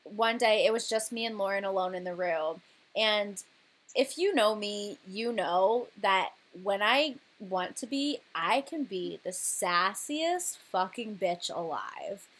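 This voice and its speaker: A woman's voice: medium pitch, expressive, takes it slowly, fairly bright tone. A young woman hosting a casual chat, talking loosely with lots of fillers and frequent laughter. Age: young adult. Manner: chatty, laughs often, says "like" a lot.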